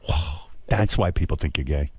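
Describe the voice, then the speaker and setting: A man's voice: extremely low pitch, moderate pace, slightly rough, no echo. A man hosting a radio show, asking blunt, chatty questions in a casual interview.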